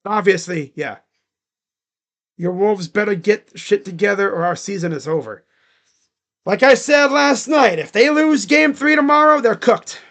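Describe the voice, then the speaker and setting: A man's voice: sits high, measured pace, fairly bright tone. A man giving casual live play-by-play and reaction commentary on a basketball game, rambling and saying "like" a lot. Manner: casual, rambling, heavy use of "like".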